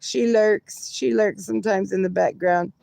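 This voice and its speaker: A woman's voice: medium pitch, fairly even intonation, measured pace, creaky, warm tone, no echo. A woman livestreaming, reading viewer comments aloud and bantering with them, laughing often. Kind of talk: casual live-stream chat.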